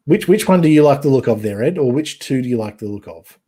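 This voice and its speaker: A man hosting a casual online chat show, rambling and halting with many ums and restarts. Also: mid-range voice, animated, dark tone, breathy edge. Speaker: podcast host.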